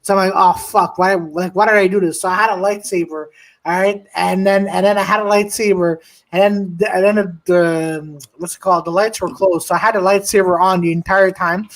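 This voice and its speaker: A man's voice: high voice, steady tone, a little fast. Rambling young man telling a story. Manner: rambling, many restarts and repeated "and then". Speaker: podcast co-host. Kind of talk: casual comedic storytelling.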